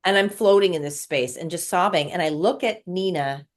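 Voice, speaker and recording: A woman's voice: lowish voice, normal speed. A woman guest telling an emotional spiritual story in casual conversation, repeating words as she recounts it. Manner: emotional, repetitive, breathless recounting.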